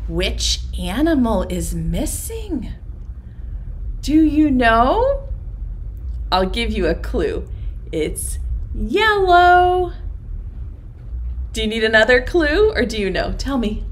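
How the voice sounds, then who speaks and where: A woman preschool teacher leads an online circle time lesson for young children. Her voice is fairly high and swoops up and down in a sing-song way, and she talks very slowly with bright gasps and stretched words. A faint hiss of room noise sits behind her.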